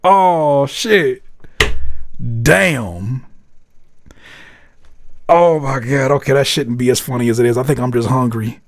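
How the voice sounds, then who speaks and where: A man hosting a music reaction video, talking casually, laughing often and swearing as he gets excited. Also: medium pitch, slow, long pauses, dry recording, studio quality.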